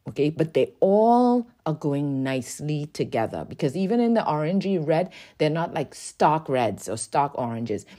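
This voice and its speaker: Low-voiced woman explaining her art journaling. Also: normal speed, hardly any pauses. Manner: relaxed, explanatory, frequent "um" and "like". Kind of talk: casual art tutorial narration.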